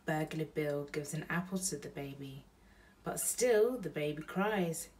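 A mother reading a bedtime storybook aloud to her baby in a slow, gentle pace. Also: sits low, recorded from a distance.

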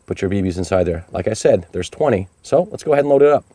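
A man's voice: fairly low pitch, expressive, fast talker, background noise. A man hosting a product review, talking casually and upbeat as he explains each step of a demonstration outdoors.

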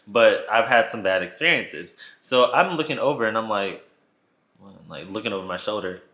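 Animated man telling a dramatic story. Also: on the low side, moderate pace, echoey room. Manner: animated, dramatic retelling addressing viewers. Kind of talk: casual storytime.

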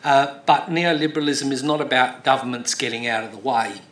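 A man's voice: medium pitch, steady tone, a little fast, fairly bright tone. A middle-aged man giving a speech, telling a story loosely with many fillers and restarts, then turning rousing and emphatic. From Australia. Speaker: speaker. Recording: echoey hall recording.

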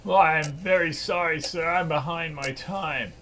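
A man voicing a timid, apologetic clerk, meek and soft-spoken, in an audiobook reading. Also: a little high, unhurried, a little hiss or hum. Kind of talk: audiobook character voice.

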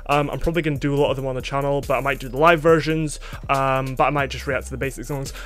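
A man's voice: medium pitch, fairly even intonation, fast talker, a bit bright. A young man from Scotland chatting casually as a music reaction host, rambling and self-mocking with plenty of fillers.

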